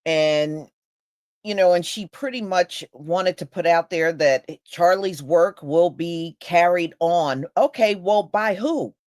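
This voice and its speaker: A woman hosting a livestream, greeting chat viewers by name and commenting in a measured, skeptical way. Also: fairly low pitch, darkish tone, no room sound, studio quality. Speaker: host.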